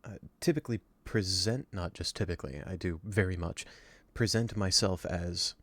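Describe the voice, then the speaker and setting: A tired man streaming a game, chatting casually in a dry, low-energy way. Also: normal speed, fairly bright tone, no room sound.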